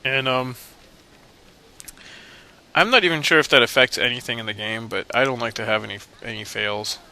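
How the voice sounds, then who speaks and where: A man's voice: medium pitch, normal speed, gravelly, pushed and bright. A young man hosting a let's play, giving casual, rambling gameplay commentary in a joking, self-mocking way.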